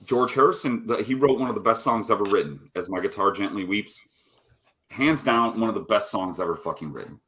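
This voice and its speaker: A man's voice: lowish voice, fairly quick, sharp tone, breathy edge. A man chatting casually on a live stream, rambling and swearing constantly as he tells stories. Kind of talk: casual chat. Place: home, rolling a cigarette.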